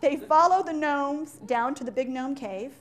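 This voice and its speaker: A woman giving a live business talk to an audience in an animated, joking way, firing questions at the listeners. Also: sits high, normal speed. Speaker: leadership speaker.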